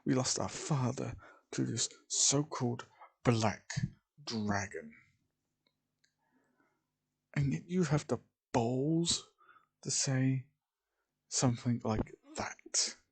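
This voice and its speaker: A woman's voice: very deep voice, slow pace, vocal fry, pauses often, slightly rough, exaggerated voice. A man voicing a fierce, grieving young woman warrior in an amateur storytelling video, speaking bluntly and indignantly.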